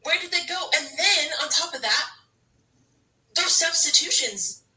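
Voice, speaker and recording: Woman fan venting to camera, sharp bright voice, kinda far from the mic, keeps restarting sentences. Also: very high voice, lively intonation, a little slow. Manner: frustrated, exasperated, stammering restarts. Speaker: football fan vlogger. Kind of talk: emotional fan rant to camera.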